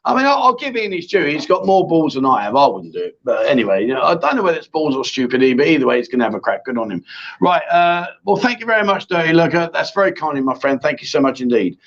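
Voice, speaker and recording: A man's voice: fairly high pitch, very animated, quick pace, a bit bright. A man hosting a casual live-stream chat show, chatty and bantering with his co-host. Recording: dull lo-fi stream audio.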